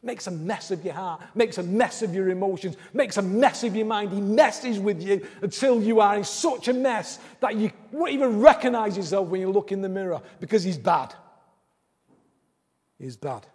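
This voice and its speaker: Male preacher, high and husky, repeats phrases, loud bursts then hushed lines, large hall reverb. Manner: repeats phrases, swings from loud and fast to quiet and slow. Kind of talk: sermon. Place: church service in a large hall.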